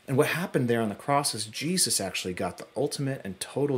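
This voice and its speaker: A man with a husky, breathy voice delivers a sermon at a church service. He moves between quiet, low phrases and rising, urgent emphasis, with pauses between short phrases. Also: lively intonation. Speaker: pastor.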